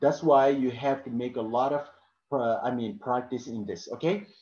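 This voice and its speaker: A man's voice: medium pitch, steady tone, a little mellow. Teacher, male, non-native English speaker, models each word twice, dull recording in an echoey room. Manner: repeats words slowly to model them. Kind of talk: classroom lesson. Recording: roomy, dull-sounding classroom recording.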